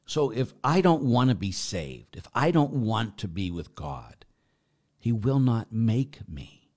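A man's voice: mid-range voice, very animated, takes it slowly. A middle-aged man, a priest hosting a live stream and answering chat comments in a rambling, self-deprecating way. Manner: warm, rambling, self-deprecating, with frequent fillers.

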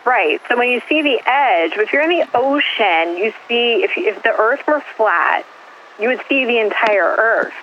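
A woman co-hosting a comedic call-in show, asking teasing, deadpan questions. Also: fairly high pitch, unhurried, slight background noise, rough recording. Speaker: co-host.

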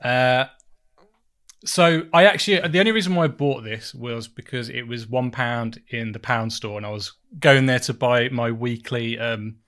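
A man's voice: mid-range voice, fairly even intonation, moderate pace, fairly bright tone. A man hosting a casual film chat, rambling and self-mocking with frequent laughs. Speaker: podcast host reviewing films.

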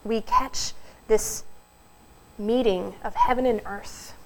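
A woman pastor preaching a sermon, telling stories in an earnest way and slowing down for emphasis. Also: fairly high pitch, steady tone, a little hiss or hum, low-quality recording. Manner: storytelling, earnest, slows for emphasis.

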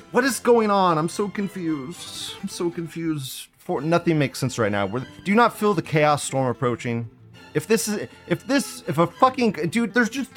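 A man hosting a live stream, chatting casually and sarcastically, swinging between loud outbursts and low mutters. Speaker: livestream host.

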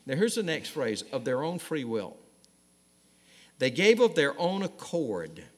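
In a church sanctuary, a pastor preaches emphatically and directly to his congregation in an unhurried, very animated voice on the high side. The recording carries the long reverb of a large hall.

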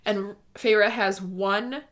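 A woman with a bright, clear voice at a middling pitch talks excitedly in a casual chat. She gushes, swears freely and breaks into read-aloud passages as a co-host. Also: very slow. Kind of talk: casual book discussion chat.

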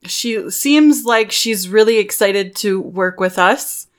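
A woman's voice: mid-range voice, slow pace. A woman playing a tabletop game in character, flustered and rambling, cutting herself off. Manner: flustered, rambling, self-interrupting. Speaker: player.

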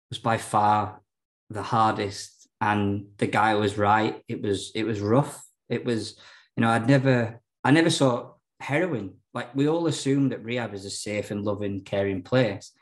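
A man telling his own story frankly as a podcast guest, swearing, using lots of fillers, and laughing often. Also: lowish voice. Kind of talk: candid personal storytelling.

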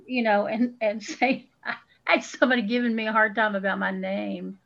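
A woman's voice: mid-range voice, steady tone, normal speed, a bit bright, highs cut off. A woman with a Southern US accent, co-hosting a podcast and telling stories in a feisty, blunt way. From Southern United States. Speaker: podcast co-host. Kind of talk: casual chat.

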